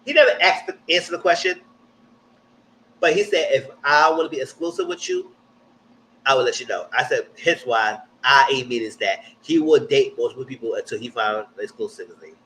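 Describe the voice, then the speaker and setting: A man giving a blunt, slangy live recap of a TV show, jumping up high in pitch when he quotes people. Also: brisk, a little hiss or hum, rough recording. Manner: animated, jumps high when quoting people. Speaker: TV recap streamer. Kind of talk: live casual TV recap commentary.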